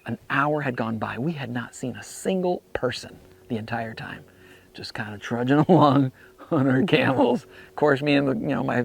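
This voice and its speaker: A young man telling a story to a youth camp audience, animated and dropping to hushed whispers for awe. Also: medium pitch, gravelly, a little hiss or hum. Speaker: youth speaker. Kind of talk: storytelling talk.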